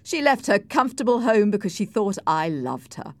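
A woman voicing Heathcliff, a passionate, cruel young man, in a forceful, emphatic way. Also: mid-range voice, big pitch swings, normal speed, no echo, pitched above the performer's own voice, close to an everyday voice. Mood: intense.

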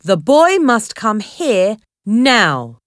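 A woman's voice: a little high, sing-song, extremely slow, no room sound, clean studio sound, full character voice. A woman doing a stern old sea captain. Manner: firm, commanding. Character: tough, stern fishing-boat captain, gruff older man.

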